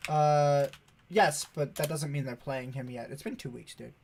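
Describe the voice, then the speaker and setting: A man's voice: on the high side, steady tone, normal speed, gravelly, slight background noise. Offhand man co-hosting a gaming podcast. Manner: offhand, swears casually. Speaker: podcast co-host. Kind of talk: casual chat about esports.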